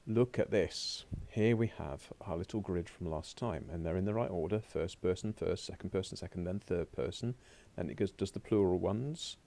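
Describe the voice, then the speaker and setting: A man's voice: sits low, normal speed, gravelly, hardly any pauses, dark tone. A man teaching a recorded remote French lesson, chatting to himself as he works through slides on a laptop. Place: home or classroom desk at a laptop.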